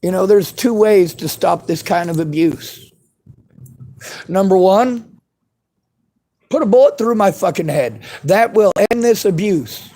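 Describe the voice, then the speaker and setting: A man's voice: sits high, unhurried, long pauses, warm tone. A man delivering an angry monologue to camera, bitter and heavy with profanity. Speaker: vlogger.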